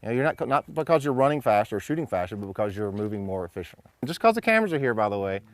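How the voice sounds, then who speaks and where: A man's voice: lowish voice, sing-song, rapid-fire. A middle-aged man coaching young shooters at an outdoor range, joking with them and calling out drill commands.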